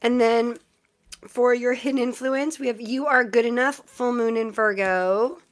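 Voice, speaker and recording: A woman's voice: a little high, fairly even intonation, measured pace. A woman live-streaming tarot readings, chatting casually with viewers and using lots of fillers as she reads the cards. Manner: chatty, many fillers, thanks viewers often.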